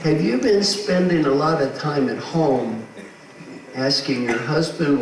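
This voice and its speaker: A man gives an animated motivational talk to a live audience. He acts out quotes and tosses rhetorical questions to the crowd in a fairly high voice. He is heard from a distance in a big, echoey, noisy hall. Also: measured pace. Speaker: leadership coach speaking to an audience.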